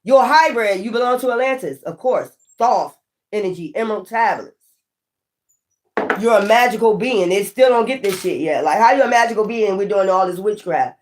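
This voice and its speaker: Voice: mid-range voice, moderate pace. A tarot reader doing a casual spiritual reading, talking straight to viewers in a blunt, emphatic, profane and preachy way. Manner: preachy, addresses viewers directly.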